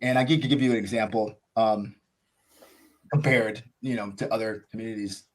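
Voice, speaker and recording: Speaking at a moderate pace in a steady, fairly low voice, an American man guests on a podcast and rambles through his story. He sounds casual and enthusiastic, peppering his talk with "like" and "you know."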